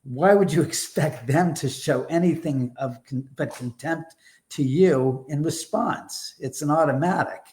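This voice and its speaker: A man's voice: a little high, a little slow, darkish tone. A man talking as a guest on a live show, emphatic and rambling, with blunt remarks and mild swearing. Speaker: guest, haunted house owner. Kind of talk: animated conversational storytelling.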